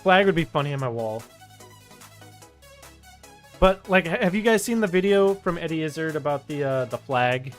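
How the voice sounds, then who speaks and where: A man's voice: on the high side, expressive, normal speed, long pauses, faint music behind. A man chatting casually on a live stream, loose and jokey, talking to his chat. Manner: loose, fillers and restarts, jokey, talks to chat.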